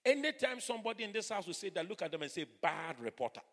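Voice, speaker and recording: A middle-aged man preaching a sermon, swinging from hushed asides to fervent shouting. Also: high voice, expressive, racing, in a large hall. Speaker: pastor. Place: church hall.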